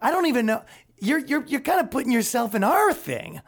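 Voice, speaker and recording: A man's voice: very high-pitched, sing-song, brisk. A man hosting a podcast, delivering a rambling, profane, sarcastic comedic rant. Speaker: podcast host.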